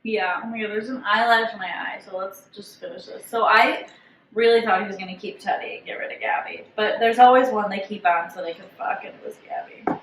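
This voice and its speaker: A woman's voice: medium pitch, fairly quick, fairly bright tone, roomy sound, far from the mic, slight background noise, poor audio. A woman co-hosting a casual chat podcast who recaps events in a chatty way and draws words out for emphasis. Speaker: podcast co-host.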